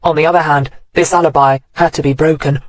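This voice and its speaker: A man narrating a mystery audiobook in an even, wry storytelling manner on a close studio mic. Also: on the high side, quick pace.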